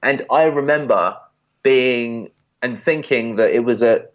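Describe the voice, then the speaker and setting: A man's voice: mid-range voice, a little slow, highs cut off. A man in his thirties from England, a podcast guest telling his story casually with many repeats and restarts. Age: 30s.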